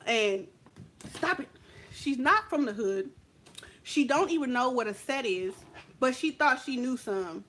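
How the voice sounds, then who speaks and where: Sassy woman vlogger with a high voice, chatting straight to the viewer. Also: expressive, a little slow, pauses often, a bit bright. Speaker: makeup vlogger. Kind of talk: casual story time chat.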